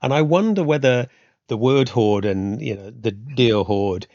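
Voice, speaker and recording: A man's voice: mid-range voice, measured pace, darkish tone, no room sound, muffled recording. A man hosting a history podcast, asking long, musing questions full of "sort of" and "you know". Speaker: podcast host. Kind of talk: podcast interview.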